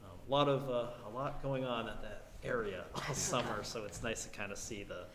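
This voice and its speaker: A man giving a casual, halting report to a town board at a public meeting. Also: medium pitch, crowd noise. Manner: casual, hesitant with many fillers. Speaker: town manager. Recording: echoey hall with background noise.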